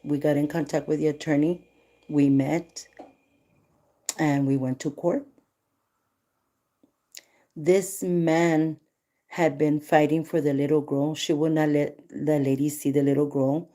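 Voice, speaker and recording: A woman hosting a casual livestream, telling a personal story with animated retelling of dialogue and a few Spanish phrases. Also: deep voice, a little slow, long pauses. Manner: animated retelling, voicing both sides of dialogue. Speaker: livestream host.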